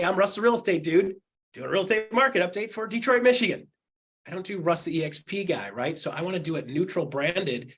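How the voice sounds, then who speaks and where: Husky man coaching with animated energy. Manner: animated, acts out quotes with jumps in pitch. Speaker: real estate coach on a mastermind call. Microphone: video call.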